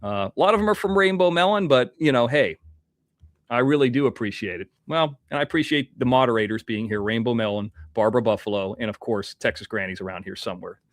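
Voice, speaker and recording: A man's voice: medium pitch, fast, no room sound, studio quality. A man hosting a casual livestream, rambling as he reads out viewer donations while nursing a toothache. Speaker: livestream host.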